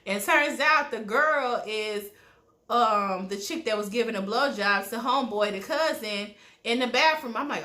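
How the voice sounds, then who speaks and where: Bright-voiced woman, gossipy and profane episode recap, roomy echo. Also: a little high, measured pace. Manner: blunt, profane, animated storytelling with quoted asides. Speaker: TV recap vlogger.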